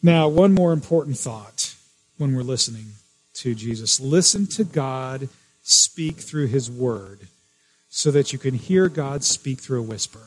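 A man's voice: medium pitch, a little slow, soft background music, poor audio. A man preaching a sermon as pastor, earnest, repeating key phrases and restarting often.

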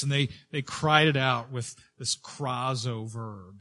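A man preaching a sermon as pastor, earnest, with frequent fillers and restarts, rising and slowing to stress key words. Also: mid-range voice, sharp tone.

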